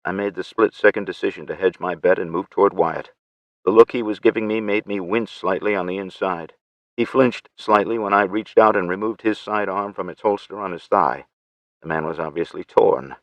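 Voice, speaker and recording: A man narrating an audiobook in first person with measured, steady storytelling. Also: sits low, dry recording.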